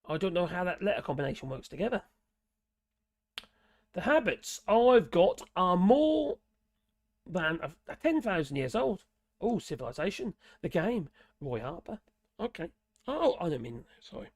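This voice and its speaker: A man with a Norfolk accent and a hoarse, gravelly voice, chatting casually on a live stream and reading out viewer comments in a rambling, muttering way. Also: high-pitched, sing-song, normal speed, pauses often, darkish tone, no echo, clean studio sound. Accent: Norfolk English. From Norfolk, England. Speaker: livestream host reading chat.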